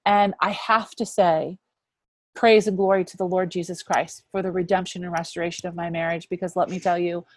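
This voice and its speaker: Earnest and reflective, this woman in her fifties gives her personal faith testimony as an interview guest, her fairly low voice a little fast and fairly even in intonation. The recording is dry with no echo, and she frequently drops to a hush.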